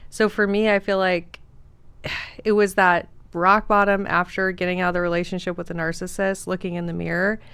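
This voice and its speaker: A woman hosting a relaxed podcast conversation as a coach, with a smooth, resonant and slightly low voice. She talks in a measured, reflective way and affirms her guest. The mic is close and dry. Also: dry recording.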